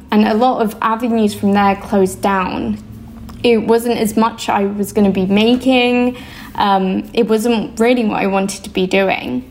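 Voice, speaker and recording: A woman's voice: medium pitch, darkish tone. A young woman, a football analyst guest, talking casually in an interview, thoughtful and hesitant with frequent ums. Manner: thoughtful, many ums, laughs easily.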